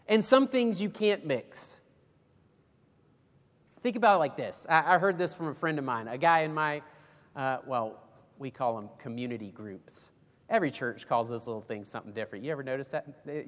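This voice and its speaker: Folksy preacher in a reverberant sanctuary. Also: male voice, fairly high pitch, normal speed, pauses often. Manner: folksy, emphatic preaching with homespun illustrations. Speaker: pastor. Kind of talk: sermon.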